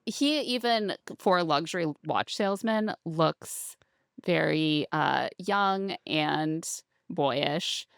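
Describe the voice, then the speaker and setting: A woman's voice: deep voice, slow, gravelly, clear, resonant tone, no echo, clean studio sound. A woman co-hosting a podcast, recapping a reality show in casual chat with sarcastic asides and mocking quotes. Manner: sarcastic, mocking quotes of cast, laughs often. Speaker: podcast co-host.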